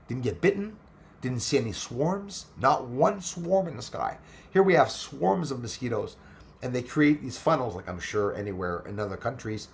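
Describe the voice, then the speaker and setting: This livestream host has a gravelly, mid-range voice as he chats loosely, reads out the chat, and thanks each viewer by name.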